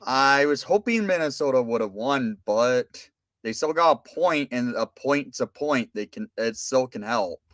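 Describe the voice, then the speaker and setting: A man acting as co-host, calm and mostly giving brief replies. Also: mid-range voice, measured pace, no echo.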